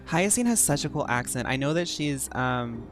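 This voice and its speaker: Chatty American streamer, rambling. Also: male voice, medium pitch, animated, normal speed. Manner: chatty, rambling, filler-heavy. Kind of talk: casual gameplay commentary. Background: game music.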